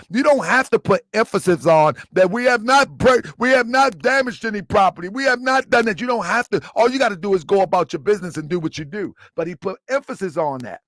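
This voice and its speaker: A man's voice: high-pitched, a bit bright, no room sound. A man hosting a live commentary, talking emphatically, repeating his points and quizzing his listeners. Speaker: commentary channel host.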